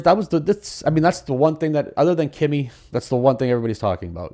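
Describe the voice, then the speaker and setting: A man's voice: lowish voice, gravelly, darkish tone. A man hosting a podcast on his own, talking casually with many fillers and restarts. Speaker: podcast host. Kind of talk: solo podcast commentary.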